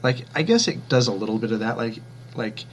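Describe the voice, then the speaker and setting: A man hosting a relaxed book talk, full of restarts and fillers. His voice sits in a middle range, and a faint hum runs under the recording. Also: mid-range voice, fairly quick. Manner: chatty, many restarts and fillers, self-deprecating. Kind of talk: casual book discussion.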